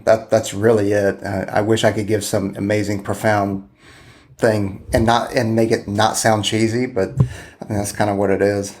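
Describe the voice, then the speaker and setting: A man's voice: on the low side, darkish tone. A middle-aged man in casual podcast chat, speaking sincerely and hesitantly, a bit self-deprecating. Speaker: podcast co-host.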